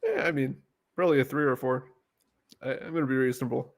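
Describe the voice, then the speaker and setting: A male debater with a middling voice, speaking in halting phrases on a live stream. He laughs now and then between his points. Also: mid-range voice, creaky.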